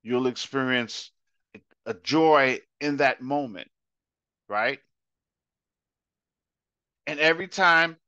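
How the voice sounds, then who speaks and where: Bright-voiced man teaching a Bible study. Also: mid-range voice, takes it slowly, long pauses, clear, resonant tone, no room sound, lo-fi sound. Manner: illustrates with acted-out examples and repetition. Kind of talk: conversational sermon.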